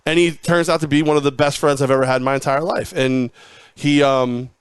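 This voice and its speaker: A man's voice: fairly high pitch, steady tone, brisk, clear, resonant tone, dry recording. A man in his forties, a former sports radio host, telling rambling anecdotes and acting out quoted dialogue in a casual interview.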